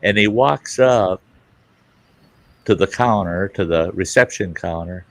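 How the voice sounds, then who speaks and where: Deep-voiced man telling a crude story. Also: measured pace, a bit bright, no room sound. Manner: rambling anecdotal storytelling with crude humor and swearing. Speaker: livestream host. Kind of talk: casual chat.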